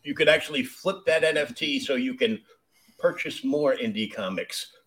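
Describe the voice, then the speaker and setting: A man's voice: mid-range voice, normal speed, a bit bright. A man hosting a podcast, chatting casually and summing up his guest's points in a supportive way. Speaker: podcast host.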